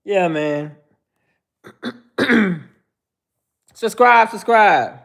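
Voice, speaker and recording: A man hosting a livestream, giving blunt, joking commentary and shouting out viewers in the chat. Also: sits high, very animated, a little slow, pauses often. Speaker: host.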